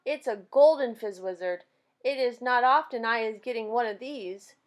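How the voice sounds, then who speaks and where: A woman voicing a big, gentle, excitable male giant who mangles his grammar and makes up words. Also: a little high, normal speed, natural voice. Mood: fussy.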